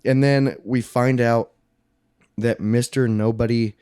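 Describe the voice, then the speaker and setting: A man co-hosting a podcast, chatting casually about a movie, excitable and swearing often. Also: medium pitch, slow, clear, resonant tone, dry recording, studio quality. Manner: excitable, swears often, keeps saying "dude". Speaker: podcast co-host. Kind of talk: casual movie review chat.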